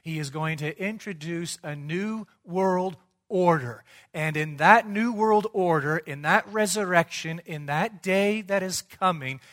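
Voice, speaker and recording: Emphatic male preacher, fairly high voice. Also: measured pace. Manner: emphatic, rhetorical, swings from quiet to loud. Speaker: pastor. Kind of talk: sermon.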